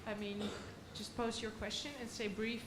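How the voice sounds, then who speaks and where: A woman moderating a live event, giving brisk instructions to a caller. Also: fairly high pitch, flat delivery, noisy background. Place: large hall with audience. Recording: echoey hall with crowd behind.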